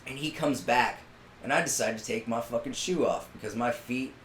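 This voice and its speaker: A man co-hosting a podcast, telling a story in a loud, profane, animated way and laughing often. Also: medium pitch, normal speed, roomy sound, background noise. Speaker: podcast co-host. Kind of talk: casual storytelling chat.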